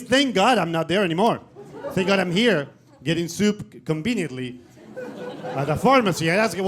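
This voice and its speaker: A young man from Uruguay performing deadpan stand-up with slides, his voice sitting a little high. He stumbles through uhs in a flat, halting way. Laughter rises from a live audience around him. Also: a little hiss or hum. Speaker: stand-up comedian. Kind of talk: comic PowerPoint presentation. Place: comedy venue with live audience.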